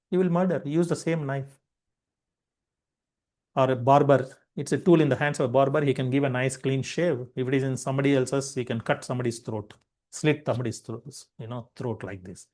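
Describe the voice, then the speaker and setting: Higher-voiced man teaching scripture. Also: darkish tone. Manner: explains with repeated everyday examples. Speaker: spiritual teacher. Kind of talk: spiritual lecture.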